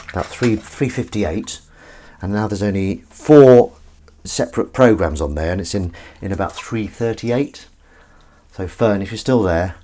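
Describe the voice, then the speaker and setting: A man hosts a casual home live stream while doing the washing up, chatting in a rambling way with viewers and his cat and singing little tunes. His voice sits low and is a little mellow, with a bit of hiss or hum in the audio.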